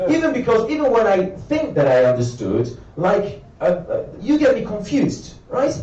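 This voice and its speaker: A young man from Italy with an Italian accent doing a stand-up comedy set, acting out characters with big jumps in his voice. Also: moderate pace. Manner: animated, acts out characters with big pitch jumps. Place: comedy club stage with audience. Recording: roomy, dull live club sound from a distance.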